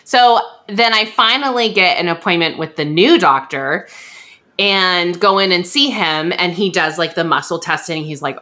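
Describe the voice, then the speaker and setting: A young woman hosting a podcast, telling a story in a chatty, animated way and acting out what others said. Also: on the low side, moderate pace. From USA. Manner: chatty, animated, acts out quoted voices. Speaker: podcast host. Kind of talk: casual storytelling chat.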